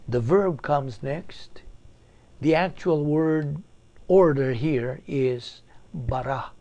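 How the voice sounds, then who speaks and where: Slow, mellow-voiced male Bible teacher. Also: a little high. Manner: methodical, spells out grammar step by step. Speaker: evangelist teaching Bible study. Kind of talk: doctrinal Bible study lecture.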